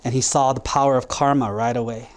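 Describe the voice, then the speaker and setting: A man's voice: medium pitch, fairly even intonation, fast. A man, a Buddhist monk, telling a moral story to children in a casual, conversational way. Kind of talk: storytelling sermon for kids.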